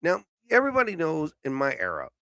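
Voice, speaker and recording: A sleepy man hosts a casual live stream, rambling through jokes and swearing with sudden loud outbursts. His voice sits a bit high and swings widely in pitch. The sound is dry and close, with faint crowd noise behind. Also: huge pitch swings, a little fast, vocal fry, no echo. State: sleepy, yawning. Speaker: live show host.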